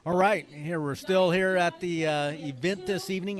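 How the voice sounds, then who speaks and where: A man with a fairly high voice chats his way into an interview, rambling with easy folksy asides. A lively crowd murmurs clearly behind him at the indoor event. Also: normal speed, hardly any pauses. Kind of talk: casual on-site interview. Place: indoor evening gala.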